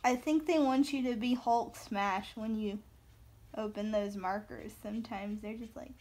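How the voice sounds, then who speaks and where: Slow, giggly woman coloring and chatting. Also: medium pitch, steady tone, darkish tone. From American South. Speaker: coloring video host. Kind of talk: casual chat while coloring.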